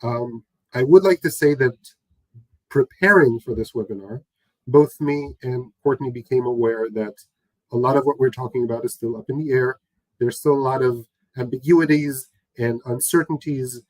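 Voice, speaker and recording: Male webinar host, mid-pitched, dry close sound, loose conversational delivery with fillers. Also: moderate pace, dry recording, poor audio. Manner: conversational, hesitant with many fillers. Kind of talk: casual webinar talk.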